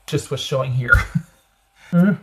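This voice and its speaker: A man's voice: mid-range voice, a little slow. A man giving a casual tarot reading, rambling and chatty with lots of fillers, his voice getting a little crackly. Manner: chatty and rambling, with many "like" and "you know" fillers. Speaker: tarot reader.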